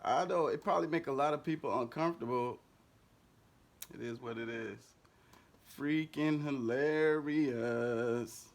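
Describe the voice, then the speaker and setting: A man talking casually and emphatically, leaning hard on repeats and slang. His pitch sits in a middle range for a man. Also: a little slow. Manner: emphatic, repetitive, profane slang. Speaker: commentary host. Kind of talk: casual reaction commentary.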